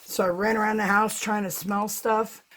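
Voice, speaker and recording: A woman's voice: medium pitch, little pitch movement, moderate pace, fairly bright tone. A middle-aged woman telling a personal story to her viewers in a casual, chatty way, laughing often as she talks. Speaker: vlogger, fluid art painter.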